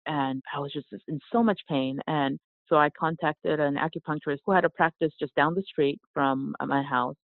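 A woman, a yoga teacher and author, explaining her ideas in a calm, earnest way as an interview guest. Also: deep voice, normal speed, hardly any pauses, no echo. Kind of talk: casual interview. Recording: tinny phone-like line.

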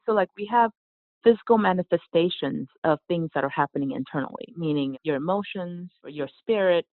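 A woman guest, a yoga teacher and author, explains her ideas calmly and earnestly at a middle pitch. Her voice comes through a thin, tinny, phone-like line that sounds dry and close. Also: a little fast, no echo. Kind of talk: casual interview.

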